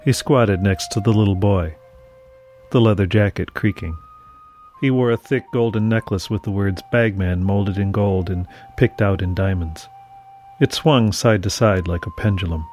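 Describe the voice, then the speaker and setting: A man reading a dark fiction story aloud in a measured, scripted narration. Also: on the low side, faint music behind.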